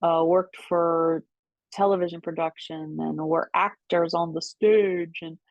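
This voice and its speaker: An older woman, a podcast guest, telling casual stories in an animated way, laughing often and mimicking voices. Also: lowish voice, a little slow, no room sound, lo-fi sound. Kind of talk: casual storytelling. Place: New York City.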